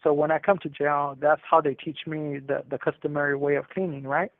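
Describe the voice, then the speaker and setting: Higher-voiced man spinning a jail story in street slang, over a dry, phone-thin line. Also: flat delivery, fairly quick, no echo. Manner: streetwise slang, rambling with restarts. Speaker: incarcerated storyteller calling in. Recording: tinny prison phone line.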